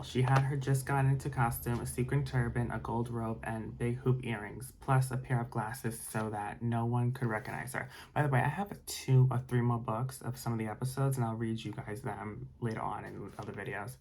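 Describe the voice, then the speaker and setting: A man's voice: mid-range voice, gravelly, a little mellow, a little hiss or hum, poor audio. A man reading a storybook aloud for ASMR bedtime listening, with chatty, rambling asides. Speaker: storybook reader.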